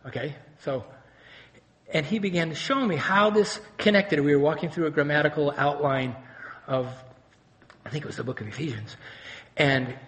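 A male pastor preaching a sermon, animated, swinging between loud exclamations and quiet intensity and asking the congregation rhetorical questions. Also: fairly high pitch.

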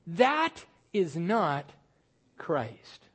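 Pastor, man, middle-aged, high tenor voice, chatty sermon delivery with emphatic jumps. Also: sing-song, slow pace, breathy edge. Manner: conversational, self-deprecating storytelling with sudden rises in pitch for emphasis.

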